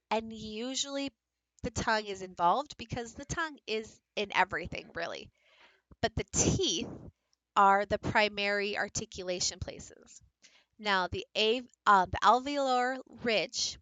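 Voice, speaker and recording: A woman's voice: medium pitch, bright, forceful tone, dry recording, poor audio. A woman presenting a lesson to teachers, explaining speech sounds in a practical, direct way. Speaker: teacher presenting a book study. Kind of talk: recorded lecture presentation.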